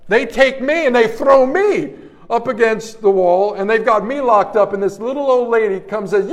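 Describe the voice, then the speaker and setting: Animated middle-aged male preacher. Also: sits high, fairly quick. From New Jersey area, Italian-American family. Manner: animated preacher, swings between hushed and loud. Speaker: pastor. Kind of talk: sermon with personal storytelling.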